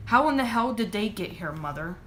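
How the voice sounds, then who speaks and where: Woman reader doing a desperate teen girl, pleading and shouting in a mid voice. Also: mid-range voice, lively intonation, brisk, slight background noise, lightly acted. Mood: defiant. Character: upset teenage girl, defiant and frantic.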